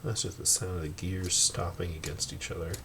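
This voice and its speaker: Deep-voiced and brisk, with a level tone, a streamer mutters and rambles to himself while casually fiddling with a VCR. The webcam mic captures him along with background noise.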